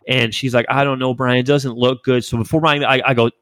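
A man's voice: mid-range voice, level tone, fairly quick, fairly bright tone, no echo. Young man telling a sad story. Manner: rambling, emotional storytelling with frequent swearing. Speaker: podcast host. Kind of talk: casual chat.

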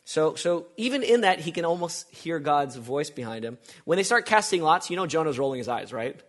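A man's voice: a little high, very animated, fairly quick. A man preaching a sermon, emphatic and repetitive, asking the congregation rhetorical questions. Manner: emphatic, repeats phrases, asks rhetorical questions.

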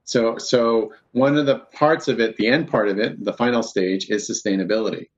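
A man's voice: mid-range voice, steady tone, moderate pace. A man, a university professor, talking candidly and with self-deprecating humor in an interview. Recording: dull lo-fi sound.

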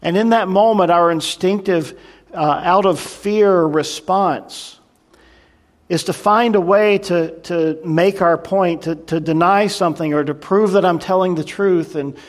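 A man's voice: high voice, a little slow. A man preaching a verse-by-verse sermon in a conversational, reflective way, with frequent asides to the congregation. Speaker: pastor. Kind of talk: sermon, verse-by-verse Bible teaching.

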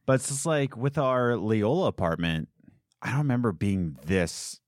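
A young man in casual chat at home, talking emphatically with sudden jumps up in pitch. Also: normal speed, no room sound, studio quality. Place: home apartment.

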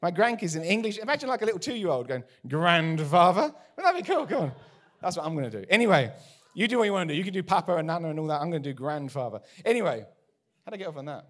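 A man preaching a sermon to a congregation, animated and joking in asides. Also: fairly high pitch, racing. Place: church before a congregation.

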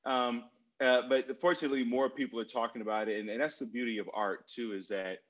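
A man's voice: medium pitch, steady tone, a little fast, muffled recording. Man in his forties telling stories. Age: 40s. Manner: storytelling, repeats phrases, many fillers. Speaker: guest speaker on mental health. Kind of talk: conversational interview answer.

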